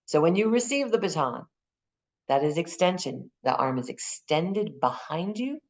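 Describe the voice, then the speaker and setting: Lady teaching anatomy, gravelly fry in her voice, keeps repeating key terms and spelling stuff out. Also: fairly low pitch, very animated, normal speed. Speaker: massage exam prep instructor.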